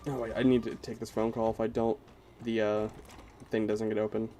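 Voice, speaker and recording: A man's voice: fairly low pitch, completely flat delivery, fairly quick, mellow, a little hiss or hum. A young man streaming a video game, chatting casually with crude, joking banter and lots of swearing. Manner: self-mocking, giggly banter. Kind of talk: casual gaming commentary.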